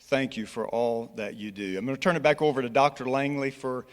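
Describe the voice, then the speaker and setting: A man's voice: mid-range voice, fairly even intonation, a little fast. A man with a Scottish accent, a college's church relations director, earnestly urging a congregation and telling personal stories with frequent restarts. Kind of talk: church presentation with personal story. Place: church sanctuary. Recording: long reverb in a large church hall.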